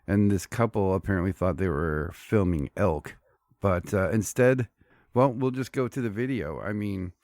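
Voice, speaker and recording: A man's voice: sits low, normal speed, darkish tone, dry recording, clean studio sound. A man co-hosting a podcast in easygoing casual chat, laughing along with his friend. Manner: easygoing, laughs along, calls him dude. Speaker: podcast co-host.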